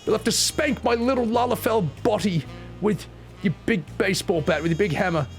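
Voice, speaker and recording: A man's voice: high-pitched, expressive, a little fast, pitched above the performer's own voice. A man voicing a tiny, cowering male Lalafell from a fantasy game who stammers and whimpers pleas for mercy, over faint music. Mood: pleading.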